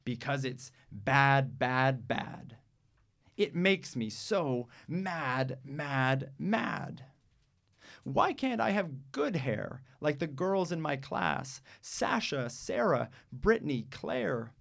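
A man's voice: medium pitch, sing-song, very slow, vocal fry, fairly bright tone, voice pushed up, exaggerated voice. A man reading a storybook aloud, voicing a whiny little girl who sulks about her hair.

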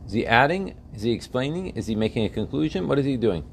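A man's voice: mid-range voice, very animated, quick pace, vocal fry. Guy teaching a text class in a room w students, keeps quizzing them, bit of faint background noise. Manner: questions students often, checks they follow. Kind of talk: interactive religious text class.

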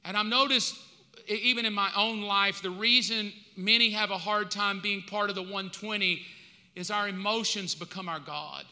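A man's voice: high-pitched, steady tone, moderate pace, pushed and bright. A man from the United States preaching a sermon as pastor, in a casual, colloquial way with slang asides. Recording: long reverb of a large hall.

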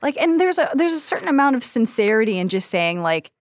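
A woman's voice: on the high side, very animated, fast, dry recording. Woman, podcast co-host, encouraging, thoughtful advice, dry close mic. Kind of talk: casual podcast chat.

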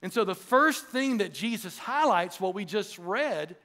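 A pastor preaching a sermon, in an earnest, emphatic style that repeats phrases for weight. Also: male voice, sits high, animated, a little slow, fairly bright tone.

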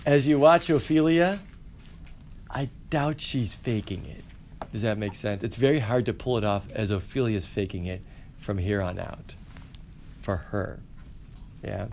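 A male teacher giving an animated, playful class lecture and asking his students questions. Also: on the low side, unhurried, pauses often, slight background noise. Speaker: high school teacher.

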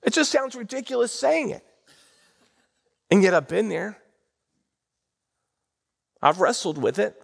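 Gravelly-voiced man preaching a lively sermon. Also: high-pitched, unhurried, long pauses. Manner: animated, call-and-response with congregation. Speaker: pastor. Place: church sanctuary.

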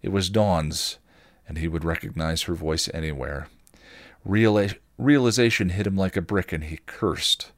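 Brief: podcast host reading fan fiction aloud, deep voice, dry close sound, steady with self-corrections. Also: male voice, normal speed, no room sound.

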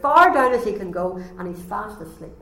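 A woman preaching a sermon, telling a story with animated delivery and acting out the voices. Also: medium pitch, normal speed. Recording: echoey room, faint ambience.

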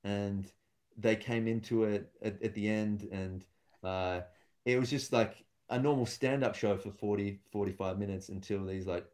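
A man's voice: on the low side, steady tone, normal speed, darkish tone. A young man, a stand-up comedian chatting casually and acting out the voices of people in his stories. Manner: rambling storyteller, acts out quotes. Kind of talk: casual podcast chat.

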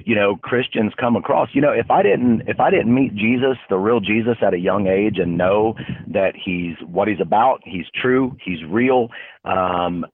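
A man's voice: fairly low pitch, moderate pace, slightly rough, no echo. A man hosting a casual faith talk show, blunt and fired up, speaking bluntly about believers. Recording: narrow phone-like dry sound.

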